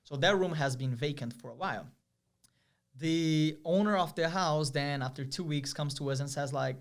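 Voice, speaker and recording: Lively young man telling a story. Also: fairly high pitch, normal speed. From Brazil. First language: Portuguese. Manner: lively, vivid, with frequent "like" fillers. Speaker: guest, pro soccer player. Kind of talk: casual storytelling in an interview.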